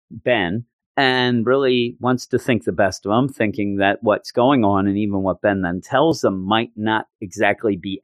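A man's voice: fairly low pitch, dry recording. Joking man recapping a story, dry sound. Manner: animated, joking, self-mocking. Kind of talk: casual recap.

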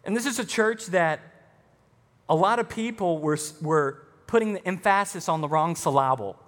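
A man's voice: a little high, moderate pace. A man preaching a sermon as pastor, emphatic, with punchy rising lines. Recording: long hall reverb.

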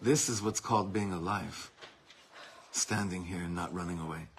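A man's voice: low-pitched, normal speed, a little hiss or hum. A man teaching a Torah lesson as a rabbi, speaking with passion and emphasis, repeating phrases for force and mixing Hebrew terms into his English.

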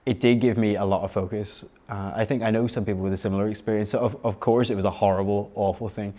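Low-voiced young man, laughing easily. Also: steady tone, dark tone. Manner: self-deprecating, quick to laugh. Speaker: magician and podcast guest. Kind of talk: casual interview chat.

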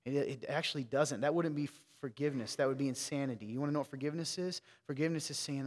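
A man's voice: fairly high pitch, brisk, long reverb tail. A man preaching a sermon as pastor, frank and joking, talking to his congregation in a conversational way. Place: church sanctuary.

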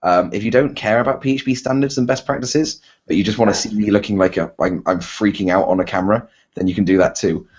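A man's voice: on the low side, quick pace, few pauses, a little mellow, slightly rough, lo-fi sound. A man with a Bristol English accent, hosting a casual podcast chat, rambling and self-deprecating with lots of fillers and restarts. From England. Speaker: podcast host.

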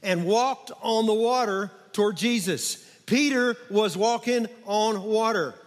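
A man preaching a sermon as pastor, animated and calling on the congregation to answer back. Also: high-pitched, unhurried. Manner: animated, calls for congregation responses. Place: church sanctuary. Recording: church hall with long reverb.

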